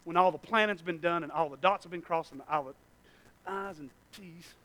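A pastor preaching a sermon, swinging from soft, mumbled asides to loud, stretched-out cries. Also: male voice, a little high, normal speed.

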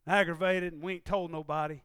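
A man preaching a sermon in a folksy way, dropping to quiet asides and rising to shouted, impassioned peaks. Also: steady tone, fast, clear, resonant tone, no room sound, clean studio sound. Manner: swings from low conversational asides to shouted, impassioned climaxes; folksy, uses ain't and y'all.

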